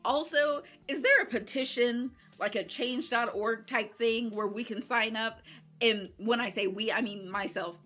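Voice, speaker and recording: A woman hosting a reaction video, excitably talking back to the screen and gushing emotionally in casual commentary. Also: fairly high pitch.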